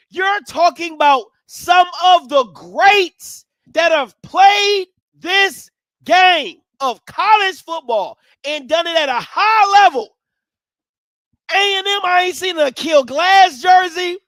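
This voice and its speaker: A man hosting a live sports talk stream, swinging from low musing to loud, animated ranting. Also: slow pace, dry recording. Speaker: sports commentary host.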